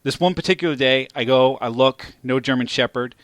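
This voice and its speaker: A male podcast host spinning a crude anecdote with lots of swearing and animated delivery. His pitch sits in an ordinary middle range. The sound is dry and close, with no room echo. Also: a little fast. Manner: profane, animated storyteller who gets loud at climaxes. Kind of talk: casual storytelling chat.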